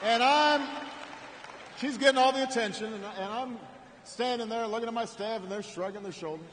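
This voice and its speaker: A man with a fairly high voice tells a story at a political rally. He repeats and restarts his words, pausing for effect. His voice rings through a large arena with a long echo and faint background ambience. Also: fairly bright tone, a faint crowd, slight background noise. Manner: repeats words and restarts, builds stories with dramatic pauses. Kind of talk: storytelling campaign speech.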